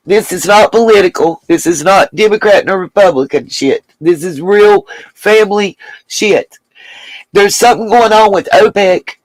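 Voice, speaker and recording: This livestream host speaks in a medium-pitched voice on a rough, dry recording. Her commentary and chat reading are blunt and emphatic, laced with swearing and thanks to viewers.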